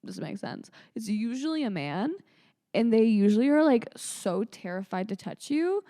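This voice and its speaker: A woman's voice: a little high, moderate pace. A young woman from Canada co-hosting a podcast, telling stories in a casual, blunt and joking way. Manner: animated storytelling, blunt and joking. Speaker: podcast co-host. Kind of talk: casual chat.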